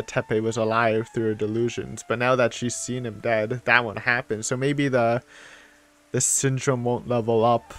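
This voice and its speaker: A young man hosting a let's-play of a visual novel, chatting casually and reading passages aloud, with lots of fillers. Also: mid-range voice. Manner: rambling, filler-heavy, chatty.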